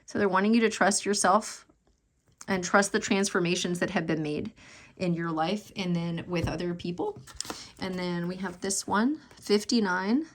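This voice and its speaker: A woman's voice: fairly low pitch, moderate pace. Lady doing a tarot reading, emotional, lots of ums and oh my goshes. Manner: emotional, many fillers and restarts, exclamations. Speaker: tarot reader.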